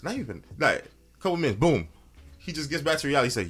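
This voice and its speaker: A man hosting a casual chat, telling loose slang-filled stories and jumping up high when he quotes his own reactions. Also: very animated, fast, fairly bright tone, breathy edge.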